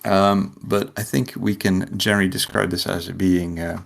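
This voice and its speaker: A man's voice: low-pitched, little pitch movement, moderate pace, creaky, fairly bright tone. A man co-hosting a casual tabletop wargame podcast, talking in a loose, rambling way full of fillers and restarts. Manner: rambling, lots of likes and restarts. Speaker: podcast co-host.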